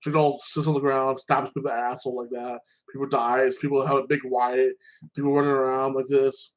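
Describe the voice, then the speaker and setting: A man retells a season finale in loose, run-on stretches, circling back with "like that" and dropping swear words along the way. His pitch sits in an ordinary middle range. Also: flat delivery, brisk, rough recording. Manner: rambling, repeats "like that", swears freely. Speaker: show reviewer. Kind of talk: casual TV episode recap.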